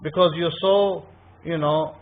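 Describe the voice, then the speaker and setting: A man's voice: fairly high pitch, steady tone, slow pace. A man giving an informal scripture teaching, conversational and repetitive, acting out his listeners' thoughts. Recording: tinny phone-like line.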